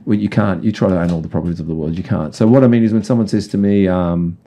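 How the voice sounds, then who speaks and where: A man speaks as a podcast guest in a casual, rambling way, giving direct advice. His voice sits a little low and sounds mellow and relaxed. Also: quick pace. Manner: acts out voices in anecdotes. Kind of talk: casual chat.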